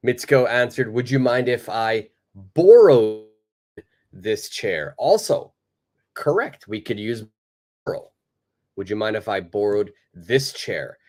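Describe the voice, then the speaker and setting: A man teaching a live online English lesson, patiently repeating example sentences in a clear, careful way. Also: on the low side, expressive, slow pace, long pauses, darkish tone.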